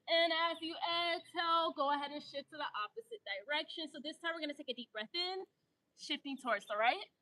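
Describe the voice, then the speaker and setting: A woman teaching a guided yoga class, giving calm breath cues and slipping into casual, slangy chatter. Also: high-pitched, a little fast, rough recording. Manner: calm cueing that breaks into chatty, animated asides. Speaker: yoga instructor.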